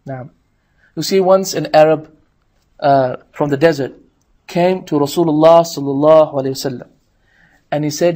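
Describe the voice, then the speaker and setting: A man's voice: fairly high pitch, normal speed, pauses often. A man giving an Islamic lecture, telling stories and acting out voices in a raised tone, often asking the audience to agree. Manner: animated storytelling, acts out the devil's coaxing in a raised voice. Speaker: preacher.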